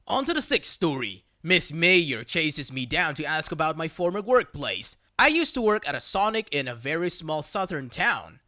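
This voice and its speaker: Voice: mid-range voice, very animated, moderate pace, few pauses, bright, forceful tone, no room sound, studio quality. A text-to-speech voice reading online stories aloud, spelling out abbreviations letter by letter. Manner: synthetic, reads abbreviations letter by letter. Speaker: narrator.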